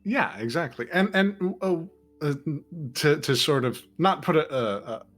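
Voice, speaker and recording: A man's voice: fairly high pitch, animated, fairly bright tone. Hesitant man. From East Texas, US. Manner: thoughtful, hesitant, halting. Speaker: podcast host. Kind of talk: casual chat.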